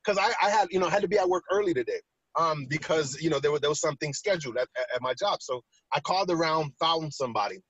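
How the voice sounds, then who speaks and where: A man casually telling a personal story on a talk show, animated and acting out the quoted lines. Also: a little high, fast talker, husky, dry recording, muffled recording. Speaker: podcast co-host.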